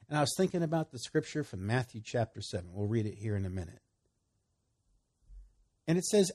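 Middle-aged man, preacher giving testimony, lively sing-song delivery, husky. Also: moderate pace. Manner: animated storytelling, voice leaping higher when excited. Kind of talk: sermon testimony.

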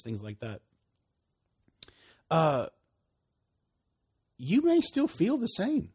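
A man preaching with a husky voice that swings up and down in pitch. He reads scripture aloud, laughs often and drops to quiet asides between louder lines. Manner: animated, laughing often, dropping to soft asides. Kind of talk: sermon.

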